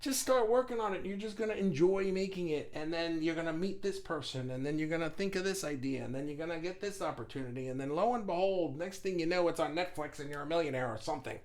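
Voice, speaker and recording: A man voicing his own mellow inner soul. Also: on the high side, fast talker, few pauses, lightly acted. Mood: coaxing. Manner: mellow, coaxing, slangy. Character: laid-back inner soul, a calm surfer-type man.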